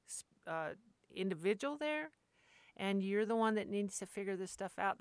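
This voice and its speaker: A woman's voice: mid-range voice, fairly bright tone, clear, resonant tone, dry recording. A woman dog trainer talking in a casual, rambling monologue, earnest and full of restarts.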